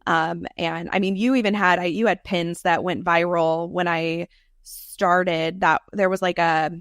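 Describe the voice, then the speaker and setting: A woman guest on an interview podcast, speaking with enthusiasm in a lowish voice. She restarts and repeats words as she talks. The sound is dry and close. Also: fairly even intonation, a little slow, fairly bright tone, clean tone, dry recording. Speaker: guest, social media marketer. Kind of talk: casual interview chat.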